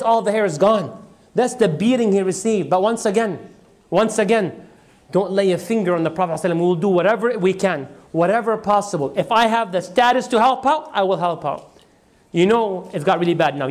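A man's voice: sits high, darkish tone. A man giving a religious lecture as a teacher, retelling a story dramatically and quizzing his audience with call-and-response questions. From United States. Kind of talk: sermon-style storytelling lecture.

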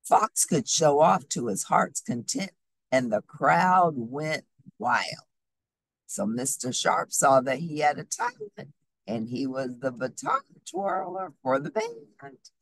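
Animated, gravelly-voiced woman reading aloud. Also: deep voice, slow, no room sound, low-quality recording. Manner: lively, expressive, animated reading. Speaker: storybook reader. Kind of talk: children's storybook read-aloud.

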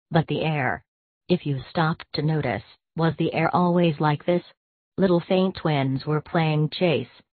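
A woman giving a measured, expressive audiobook reading of a classic short story. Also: low voice, no room sound. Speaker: audiobook narrator. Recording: tinny, dry, phone-like sound.

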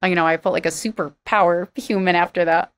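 A woman's voice: fairly low pitch, fairly even intonation, fairly quick, clean tone. A singer-songwriter woman, a guest in an interview, telling stories animatedly and laughing often. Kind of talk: storytelling interview talk.

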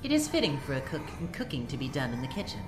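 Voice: mid-range voice, wildly swooping pitch, fast talker. A reader voicing a cruel, theatrical adult female witch who taunts and gloats grandly, with music behind. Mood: imperious.

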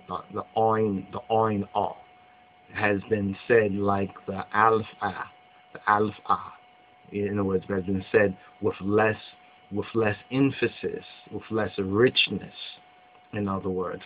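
A man giving an informal religious studies lesson, rambling and restarting as he goes, recorded indoors. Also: on the low side. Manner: rambling, repeats phrases, halting with many restarts. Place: indoors on the East Coast of America. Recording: tinny phone-like audio with faint hum.

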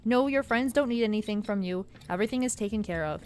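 A woman's voice: medium pitch, fast talker, darkish tone, clean tone, close to an everyday voice. A woman voicing a cheerful, sinister male TV announcer with an upbeat broadcast delivery. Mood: falsely cheery.

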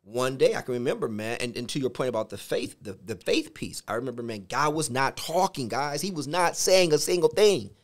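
A man's voice: medium pitch, fairly quick, few pauses. A middle-aged man co-hosting a casual faith podcast, telling a personal story and saying "man" in nearly every phrase. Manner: says "man" constantly, animated storytelling. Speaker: podcast co-host, pastor.

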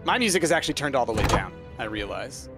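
Animated, encouraging gamer voice over music. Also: medium pitch, fast talker. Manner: animated, encouraging, laughs often. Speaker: gamer, guide. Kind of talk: casual co-op gameplay chat.

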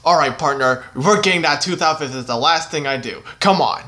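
Guy doing a rowdy old cowboy toy, drawly, stammery, kinda high, puppet show bit. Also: brisk, bright, forceful tone. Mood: boastful. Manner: drawling, stammers "ch-ch-chewy boy".

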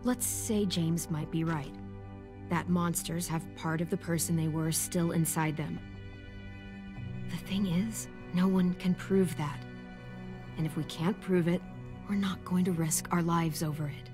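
A calm young woman from a video game, voiced by an actress, who speaks slowly in a lowish voice. She is gentle but firm and steady. Game music sits clearly behind her. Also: lightly acted. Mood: reasoning.

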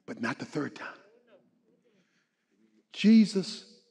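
A man preaching in a high, husky voice, taking his time over each phrase. He drops to near-whispers and then climbs into shouted exhortation. His words ring out with a long hall reverb in a large church. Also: lively intonation. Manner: swings from hushed, slow teaching to shouted, rising exhortation. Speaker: pastor. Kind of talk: sermon.

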